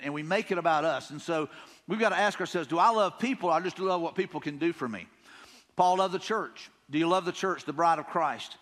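This pastor talks his sermon more than he preaches it, folksy and conversational, with a Southern drawl, a habit of repeating words, and casual paraphrases of scripture. His voice is high for a male and slightly bright, echoing through a church sanctuary with lengthy reverb.

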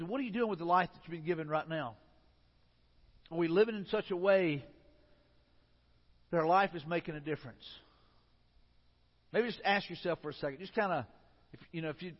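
A man, a pastor giving a sermon in a conversational way, often repeating and restarting his phrases. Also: high-pitched. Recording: muffled sound in a reverberant hall.

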